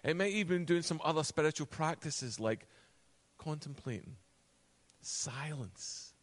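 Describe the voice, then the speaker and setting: A man preaching a sermon, animated, acting out quoted voices, and dropping to a soft, low voice for emphasis. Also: unhurried. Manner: acts out quoted voices and asides.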